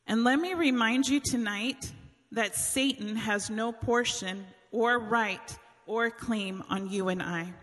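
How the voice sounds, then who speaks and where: A woman's voice: medium pitch, takes it slowly, a bit bright, in a large hall, soft background music. A woman giving a casual sermon, retelling Bible stories in chatty everyday language. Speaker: speaker giving a Bible teaching.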